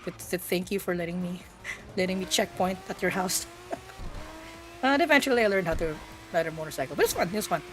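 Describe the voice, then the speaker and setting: A young woman streaming, chatting excitedly with her viewers, often stammering and laughing between words. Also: fairly low pitch, brisk, pauses often, poor audio. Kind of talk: casual chat with stream chat.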